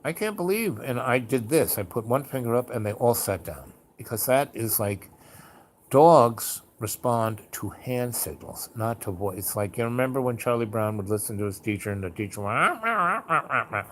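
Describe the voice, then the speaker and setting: Speaking at a moderate pace with a voice on the low side, a man hosts a rambling, casual story session full of "like" and "you know." Quotes get acted out in a raised, theatrical tone, and there's slight background noise.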